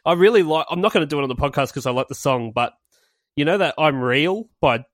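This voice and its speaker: A man co-hosting a comedy podcast, his voice high and swinging widely as he jokes. He swears freely and laughs often. The recording is dry and close. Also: lively intonation, fast talker, a bit bright, no echo. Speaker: podcast co-host. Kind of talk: crude comedic banter.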